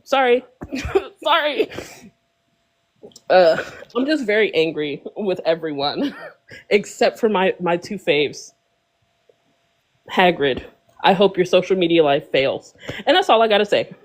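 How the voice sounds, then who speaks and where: A woman's voice: on the low side, lively intonation, measured pace, pauses often. Blunt woman ranting playfully. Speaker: live panel guest. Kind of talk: live podcast panel chat.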